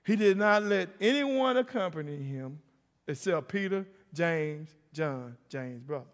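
Man, middle-aged, high-pitched preacher, storytelling sermon, echoing church hall. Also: lively intonation, a little slow. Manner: storytelling, calls out to the congregation. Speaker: pastor. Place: church sanctuary. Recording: long hall reverb.

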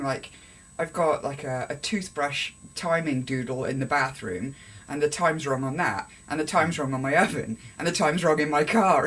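A woman's voice: low-pitched, a little hiss or hum. Chatty young woman podcasting. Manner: chatty, animated, self-deprecating. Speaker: podcast co-host. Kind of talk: casual podcast chat.

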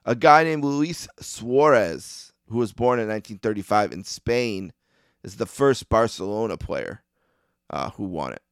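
A man with a Western New York accent hosts a sports podcast on his own, rambling and poking fun at himself between ums and uhs. His voice is smooth and clear and sits a little low. He is recorded dry and close, with no room sound. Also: lively intonation, measured pace, no echo. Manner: rambling, self-deprecating, frequent ums and uhs. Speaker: podcast host. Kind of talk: casual solo monologue.

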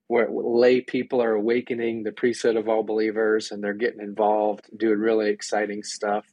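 A man's voice: fairly low pitch, darkish tone, no echo. Enthusiastic man, dry close recording. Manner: enthusiastic, acts out quoted voices. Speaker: podcast guest, church ministry director. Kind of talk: conversational interview.

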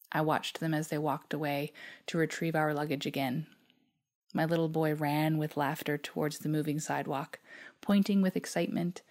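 Low, gravelly woman reading softly. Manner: soft, measured and reflective, at times close to a whisper. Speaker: author reading her own reflection. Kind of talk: reading a personal reflection aloud.

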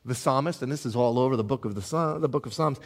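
A middle-aged man, a pastor, preaching a sermon with passion, stumbling over repeated words and swinging between loud and soft. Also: medium pitch, quick pace. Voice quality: impassioned, with dramatic swings in loudness and repeated words. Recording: long hall reverb.

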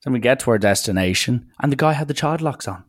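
A young adult man with an Irish accent telling rambling, jokey stories in a casual monologue, often interrupting himself. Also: fast talker. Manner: animated, swings pitch for acted quotes.

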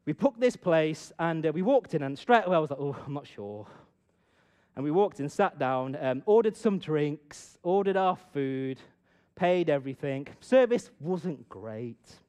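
A middle-aged man telling a personal story to an audience and drawing a lesson from it, swinging from loud bursts to hushed asides. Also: on the high side, lively intonation, unhurried, clean tone. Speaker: speaker addressing an audience. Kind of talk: storytelling talk with a moral.

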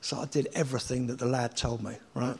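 A man, a guest telling an anecdote in a casual interview, animated and swearing freely, often checking in with "right?" as he goes. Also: medium pitch, quick pace, vocal fry, husky.

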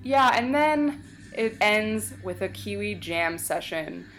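A woman's voice: medium pitch, animated, slow, fairly bright tone, soft background music. A young woman chatting casually as a podcast co-host. She talks with lots of fillers and playful asides. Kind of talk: casual chat.

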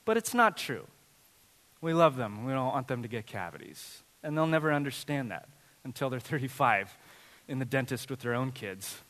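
A man in his thirties preaching a sermon as pastor, telling funny, animated family stories. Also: medium pitch, moderate pace, long reverb tail. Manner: animated, humorous storytelling. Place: church sanctuary.

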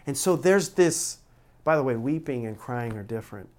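A man's voice: mid-range voice, expressive, moderate pace, a little mellow. A middle-aged man, a pastor preaching a sermon, telling personal stories in an earnest, emotional way with frequent restarts.

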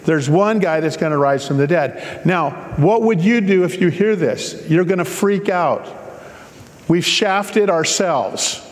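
Preacher man with a slightly high voice. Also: moderate pace, hardly any pauses, darkish tone, big-room sound. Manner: casual, joking asides between scripture readings. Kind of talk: sermon, reading and explaining scripture.

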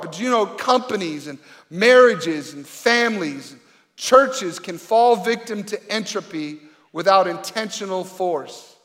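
A man's voice: sits high, fairly bright tone. A man preaching a sermon as a pastor, speaking earnestly and conversationally with rhetorical questions to the congregation. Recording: reverberant hall.

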